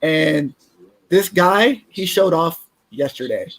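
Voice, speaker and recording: A man co-hosting a casual sports podcast, relaxed and chatty, sometimes tripping over his words. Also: fairly high pitch, slow. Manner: relaxed, chatty, laughs easily, stumbles on words. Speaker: podcast co-host. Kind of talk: casual sports talk, mock draft.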